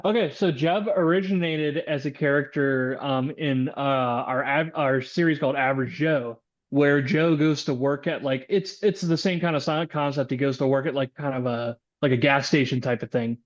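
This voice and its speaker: A man's voice: medium pitch, normal speed, few pauses, muffled recording. A man who is a voice actor chatting casually on a podcast, loose and laughing easily.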